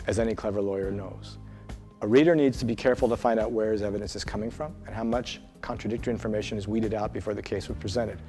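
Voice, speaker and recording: Male tutor, scripted lesson delivery, steady and explanatory, soft music under. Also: medium pitch. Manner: measured, explanatory, reads answer choices aloud. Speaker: SAT tutor. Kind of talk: scripted test-prep lesson.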